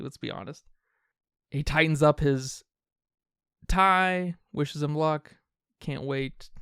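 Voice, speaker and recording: A man co-hosting a podcast, talking casually about a film in quick, animated bursts. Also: a little high, gravelly, clean tone, dry recording, studio quality. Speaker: podcast co-host.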